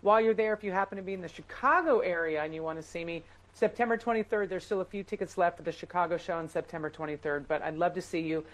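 A woman comedian chatting casually as a guest, telling stories in a fast, chatty way. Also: on the low side, rough recording. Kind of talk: casual chat.

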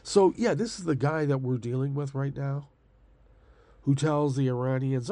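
A man's voice: mid-range voice, normal speed, warm tone, no echo. An older man ranting in a casual monologue, sarcastic and rambling, swearing and laughing at his own jokes. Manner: profane and angry.

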